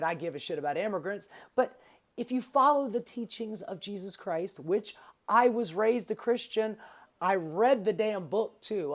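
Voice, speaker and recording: A woman with a somewhat low voice delivers a casual vlog rant. She is sarcastic and freely profane, and she rambles with fillers and asides. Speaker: political commentary vlogger. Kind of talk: casual ranting monologue.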